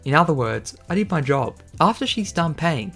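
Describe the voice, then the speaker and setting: A man reading Reddit retail stories aloud as a channel host, with wry, quick asides. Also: on the high side, big pitch swings, a bit bright, soft background music. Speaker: YouTube narrator.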